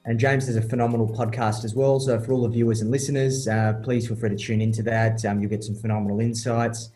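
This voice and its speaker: A man's voice: mid-range voice, level tone, quick pace, soft background music. An Australian man hosting a podcast, wrapping up an interview with praise and friendly sign-offs. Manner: warm praise, frequent "mate". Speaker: podcast host.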